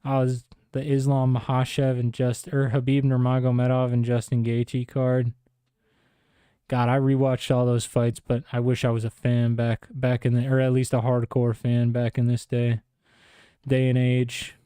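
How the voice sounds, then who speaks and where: A man's voice: medium pitch, monotone, unhurried, warm tone, clean tone, no room sound, studio quality. A young man ranting casually about fight cards, exasperated and incredulous, dropping "bro" often. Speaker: MMA commentator. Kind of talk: casual opinion rant.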